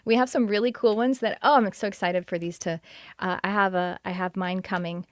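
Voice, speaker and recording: A woman's voice: mid-range voice, fairly even intonation, fairly quick, dry recording, clean studio sound. A middle-aged woman from Texas, hosting a live podcast in an enthusiastic, chatty way with many restarts. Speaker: podcast host and spiritual teacher. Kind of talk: casual live-stream chat.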